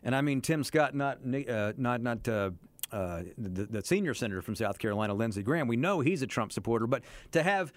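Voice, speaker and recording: A man's voice: mid-range voice, animated, fairly quick, no room sound. A man hosting a morning radio show, chatting casually about politics and chuckling between points. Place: radio studio.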